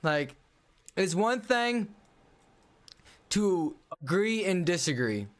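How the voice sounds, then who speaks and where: A man's voice: sits high, sing-song, takes it slowly. A man livestreaming a game, chatting with viewers in a blunt, slangy, opinionated way. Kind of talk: casual chat while gaming.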